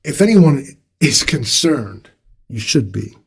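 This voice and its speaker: A man hosting a solo livestream, rambling and swearing as he talks straight to his webcam, sometimes loud and sometimes quiet. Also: mid-range voice, very animated, takes it slowly, vocal fry, husky. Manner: rambling, profane, swinging between loud and quiet. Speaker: livestream host. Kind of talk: unscripted solo livestream rant.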